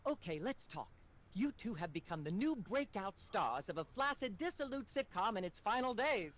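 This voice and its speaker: A woman's voice: mid-range voice, very animated, normal speed. A woman voicing a condescending, self-absorbed talk show hostess in a comedy adventure game. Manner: condescending, droning.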